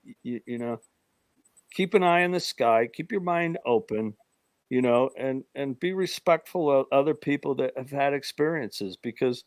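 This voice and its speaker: A man's voice: mid-range voice, normal speed, no room sound, studio quality. A man telling stories in casual chat, acting out voices, laughing often and stammering as he talks. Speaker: guest telling of sightings.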